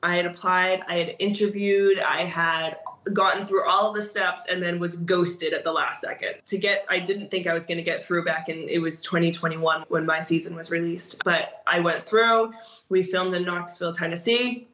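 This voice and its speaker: A woman with a fairly low voice tells her stories in a lively way, with frequent laughter. She is a guest on an interview show and teaches cookie decorating. Her voice sits in a roomy, echoing space. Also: moderate pace. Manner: animated, laughs often while telling stories. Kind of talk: casual storytelling in an interview. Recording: roomy echo.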